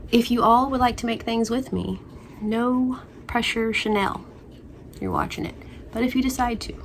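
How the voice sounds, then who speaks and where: A woman's voice: mid-range voice, a little hiss or hum. A woman crochet vlogger chatting casually at home, rambling and playful with spooky asides. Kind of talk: casual chat.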